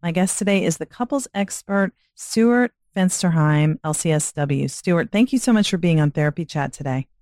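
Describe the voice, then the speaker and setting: A woman's voice: fairly low pitch, animated, normal speed, few pauses, darkish tone, dry recording, clean studio sound. A woman hosting a podcast who greets her guest and asks questions in a friendly, conversational way. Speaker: podcast host. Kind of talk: casual interview chat.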